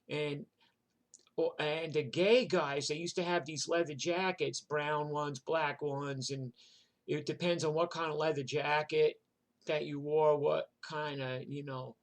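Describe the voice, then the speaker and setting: Older New man, slightly high voice, rambling profane storyteller. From New York. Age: 60s. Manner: rambling and profane, full of "like" and "you know". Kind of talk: casual spoken memoir.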